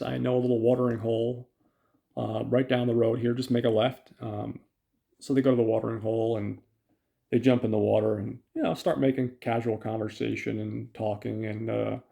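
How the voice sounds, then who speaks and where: A man's voice: mid-range voice, vocal fry, dark tone. A man hosting a podcast, casually retelling a film's plot with lots of fillers and quoted lines. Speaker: podcast host. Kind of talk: casual film recap.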